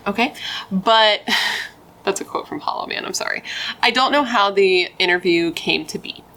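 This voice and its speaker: A woman's voice: on the low side, a bit bright, poor audio. A young woman telling a true crime story in a casual, blunt way, chatting and swearing with rambling asides.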